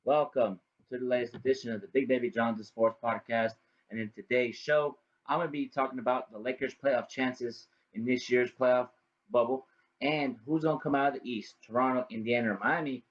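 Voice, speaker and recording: A man's voice: mid-range voice, fairly even intonation, fairly quick. A young man hosting his own sports podcast, rambling casually, often repeating "you know what I mean" and greeting viewers by name. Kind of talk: casual solo sports talk. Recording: dull lo-fi home recording.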